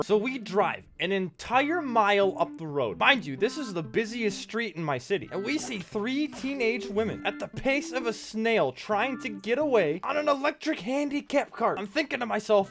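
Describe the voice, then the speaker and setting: A man's voice: high-pitched, lively intonation, moderate pace, fairly bright tone. A man hosting a gaming video, telling comic stories over gameplay and laughing at his own jokes. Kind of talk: joking storytelling over gameplay.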